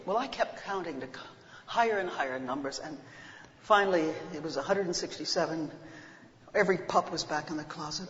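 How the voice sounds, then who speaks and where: A woman's voice: sits low, fairly quick. Older woman telling a comic story, echoey. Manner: animated, comic, theatrical. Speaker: speaker. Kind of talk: humorous storytelling talk to an audience. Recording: muffled echoey hall recording.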